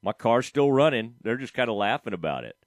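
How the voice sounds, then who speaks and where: A man's voice: medium pitch, big pitch swings, fairly quick, no room sound, clean studio sound. A middle-aged man hosting a radio show, rambling casually, laughing often and talking to his producer. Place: radio studio.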